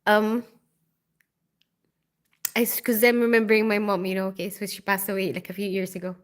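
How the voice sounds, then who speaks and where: A woman's voice: mid-range voice, flat delivery, fairly quick, pauses often. A woman hosting a casual live stream, greeting viewers by name and chatting through their questions with frequent giggles. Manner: giggly, laughs often.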